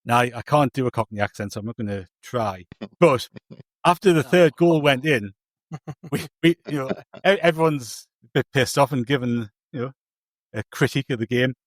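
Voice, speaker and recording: A man's voice: medium pitch, fairly quick, no room sound. A man, co-hosting a podcast in casual chat, telling stories with many restarts and self-interruptions. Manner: rambling, self-interrupting storyteller. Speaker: podcast co-host.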